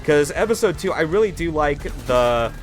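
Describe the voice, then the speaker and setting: A man's voice: fairly high pitch, lively intonation, moderate pace. A man hosting a let's play, chatting casually in a rambling way, with lots of filler words and frequent laughs. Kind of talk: casual gameplay commentary. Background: game music.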